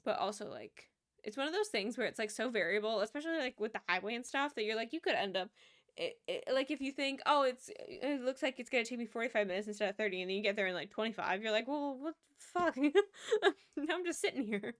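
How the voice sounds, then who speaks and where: A woman's voice: fairly high pitch, animated, fast. A young adult woman streaming, chatting casually with a rambling storytelling manner, lots of fillers and easy laughter. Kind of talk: casual chat while gaming.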